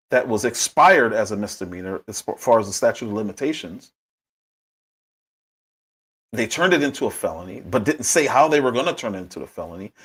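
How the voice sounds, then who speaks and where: A man hosting a political commentary livestream, talking in an emphatic, animated way with a husky voice. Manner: animated, emphatic, with big pitch swings.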